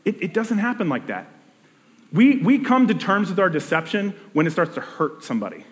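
Conversational preacher in a big echoing hall. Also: male voice, sits high, very animated, brisk. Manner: conversational preaching with many restarts and acted-out inner voices. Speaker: pastor. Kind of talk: sermon.

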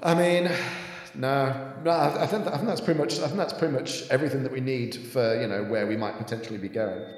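A man's voice: medium pitch, fairly quick. A man hosting an improvised comedy audio drama, talking in a hesitant, wry way with many restarts. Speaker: podcast host. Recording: echoey reverberant room.

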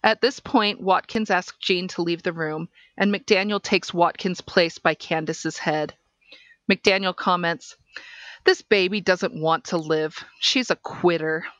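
A woman podcast host reading a case transcript aloud in a measured, deliberate way. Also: fairly low pitch, steady tone, fairly bright tone, dry recording.

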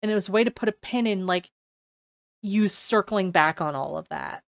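A woman co-hosting a casual book podcast, animated and acting out her own reactions as she talks. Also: medium pitch, fast, gravelly, no room sound. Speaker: podcast co-host. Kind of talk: casual chat about books.

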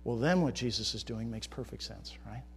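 A man preaching a sermon as pastor, moving between quiet reflection and loud, emphatic rhetorical questions. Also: medium pitch, normal speed, creaky, a little hiss or hum. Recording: reverberant hall.

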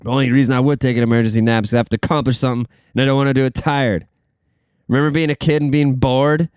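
A man's voice: mid-range voice, level tone, rapid-fire, a little mellow, clear, resonant tone, no room sound, studio quality. Tired, rambling young man podcasting. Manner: rambling, profane, laughs at his own stories. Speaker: podcast host. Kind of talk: casual podcast rant.

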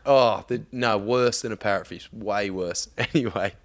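A man's voice: on the low side, normal speed. A man casually telling a story on a podcast, laid-back, swearing often and laughing along.

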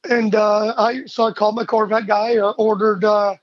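A man in his forties with a husky, somewhat breathy voice tells a story in a casual interview, lively and animated, slipping into the voices of the people he quotes. The sound is dry and a little dull, as if through a modest mic. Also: sits high, normal speed, no room sound. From Michigan. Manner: energetic, animated storyteller who acts out quoted dialogue. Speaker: podcast guest.

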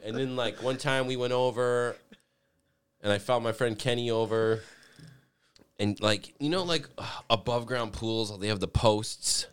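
A man with a clear, resonant voice tells rowdy stories in casual chat at a measured pace. He swears a lot and laughs as he goes, acting out other people's lines in high squeals.

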